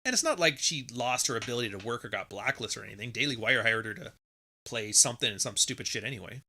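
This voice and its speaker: A man's voice: medium pitch, animated, fast, pushed and bright. A middle-aged man from Canada hosting a podcast, ranting casually and bluntly, swearing freely and sarcastically acting out other people's lines. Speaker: podcast host.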